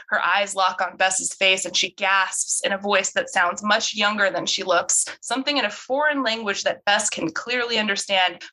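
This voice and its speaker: Woman narrating her own script, casual, bright tone. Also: medium pitch, rough recording. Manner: casual, laughs at herself. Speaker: writer reading her script. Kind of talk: read-aloud story narration.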